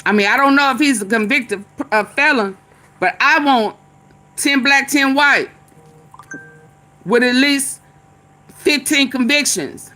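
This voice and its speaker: A woman's voice: high voice, slow pace, pauses often, bright, forceful tone. A woman vlogger giving casual, chatty political commentary, laughing often and chanting refrains.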